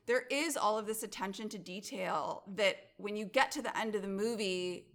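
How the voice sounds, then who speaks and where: Bright-voiced woman chatting about films. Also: mid-range voice, moderate pace. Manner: enthusiastic, many filler likes. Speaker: podcast co-host. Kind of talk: casual film discussion.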